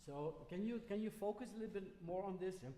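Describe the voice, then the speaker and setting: A man's voice: high-pitched, quick pace, dark tone. A man coaching a trumpet masterclass, patient and encouraging, often checking in with a questioning "yeah?". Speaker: trumpet teacher. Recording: long hall reverb.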